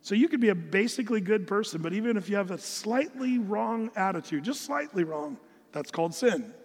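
A man's voice: sits high, expressive, a little fast, big-room sound. A man from the United States preaching an earnest, emphatic Bible-teaching sermon, often restarting his phrases. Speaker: pastor.

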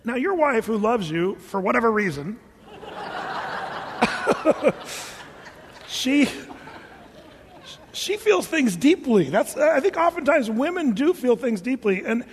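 Male pastor, higher register, lively humorous storyteller, long reverb of a large hall. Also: normal speed, pauses often, husky. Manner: animated storyteller, acting out characters with humor. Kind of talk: sermon.

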